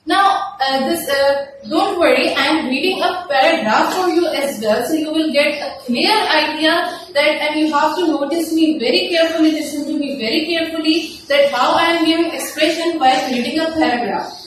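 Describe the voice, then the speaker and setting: A woman teacher, explaining a lesson slowly with many fillers and restarts. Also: sits high. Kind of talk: classroom lesson. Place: classroom with a board. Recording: very echoey room, distant mic, noisy.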